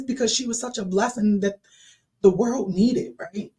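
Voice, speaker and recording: A woman's voice: on the high side, moderate pace. A woman hosting a podcast, telling a personal faith story in a casual, emotional way and speaking straight to her listeners. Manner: emotional, animated storytelling addressing listeners directly. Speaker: podcast host. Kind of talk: casual faith testimony talk.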